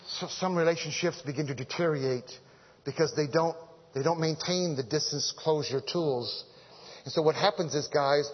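High-voiced husky preacher in an echoey hall. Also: male voice. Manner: animated, joking, repeats phrases, calls out to the men. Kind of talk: conversational sermon. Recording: echoey hall, dull lo-fi sound.

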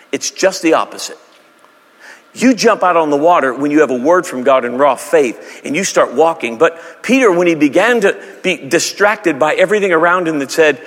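A man's voice: fairly high pitch, animated, normal speed, fairly bright tone, in a large hall. A man preaching a sermon, telling a story with humor and acting out characters in silly voices. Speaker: pastor.

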